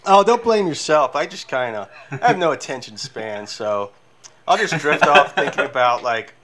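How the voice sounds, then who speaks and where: A man's voice: mid-range voice, lively intonation, normal speed, a bit bright, slight background noise. A man co-hosting a podcast in casual comedic chat, joking and laughing often, drifting off mid-thought. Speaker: podcast co-host.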